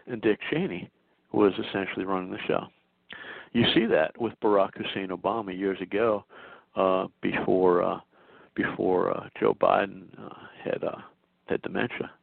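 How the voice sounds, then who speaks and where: A male talk show host with a low, creaky voice delivers an insistent political monologue, stammering and restarting repeatedly. The recording is dry and tinny, like a phone line, with no echo.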